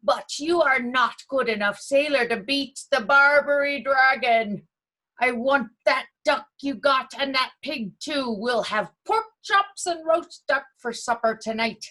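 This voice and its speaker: A woman voicing a boastful, bullying male pirate captain in a storybook reading, loud and gloating with rough pirate talk. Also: high voice, measured pace.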